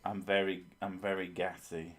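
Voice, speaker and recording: A man's voice: sits low, level tone, normal speed, a bit bright. A man hosting a casual live stream, chatting crudely with lots of swearing and laughter. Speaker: streamer, host of a horror story channel.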